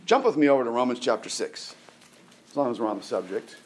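Man preaching in a casual, halting way. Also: medium pitch, very animated. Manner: halting, repeats words, asks rhetorical questions. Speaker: pastor. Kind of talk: conversational sermon.

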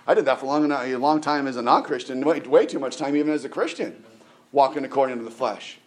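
A middle-aged man giving a conversational sermon as a pastor, often restarting his words and asking the listeners rhetorical questions. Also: medium pitch. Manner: halting, repeats words, asks rhetorical questions.

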